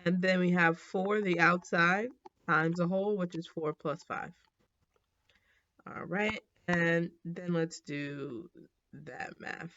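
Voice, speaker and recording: Relaxed woman teaching math, lo-fi sound. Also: on the low side, slow pace, slight background noise. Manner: relaxed, thinking aloud with frequent ums and self-corrections. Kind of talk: casual whiteboard lesson.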